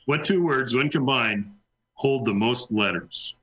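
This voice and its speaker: A man's voice: mid-range voice, unhurried, a bit bright, low-quality recording. A man co-hosting a casual live stream, posing riddles and patiently explaining the answers. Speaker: co-host. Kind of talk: casual trivia quiz chat.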